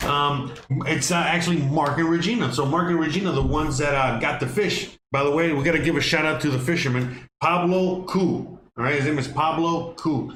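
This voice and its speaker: A man's voice: fairly high pitch, fairly quick, few pauses, a bit bright. A man hosting a casual cooking livestream from his home kitchen, rambling with lots of fillers and restarts. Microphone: microphone on kitchen counter setup. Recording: echoey kitchen with background noise.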